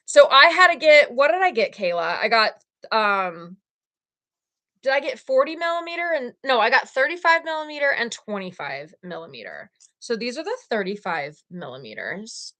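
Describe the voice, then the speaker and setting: Woman hosting a live stream from home, chatty and gushing, higher voice, crisp bright tone. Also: normal speed. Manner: gushing, excitable, chatty with viewers. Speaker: livestream host. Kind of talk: casual live-stream chat.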